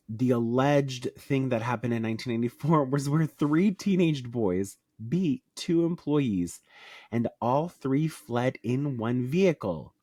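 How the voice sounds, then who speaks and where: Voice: medium pitch, a little mellow, no echo, studio quality. Blunt co-host with a Southern twang. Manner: emphatic, blunt and profane, with quick asides. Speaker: podcast co-host. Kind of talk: casual podcast chat.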